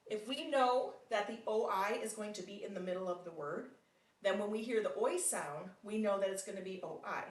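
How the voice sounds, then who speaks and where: A woman teaching a one-on-one phonics lesson, patient and encouraging, with frequent praise and slow, deliberate sounding out of words. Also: mid-range voice, far from the mic. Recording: roomy sound from off mic.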